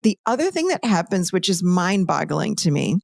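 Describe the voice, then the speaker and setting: Animated woman telling stories. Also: fairly low pitch, moderate pace, gravelly, no room sound, studio quality. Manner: animated, lively storytelling. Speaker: podcast guest, author. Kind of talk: conversational teaching.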